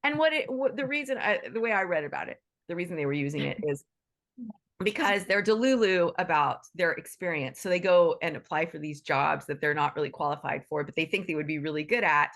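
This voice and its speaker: A woman's voice: low voice, expressive, fairly quick, a bit bright. A woman hosting an online group session, talking in an enthusiastic, chatty way with many restarts and asides. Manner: acts out quoted voices in bursts. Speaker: workshop host. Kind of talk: casual talk to an online group.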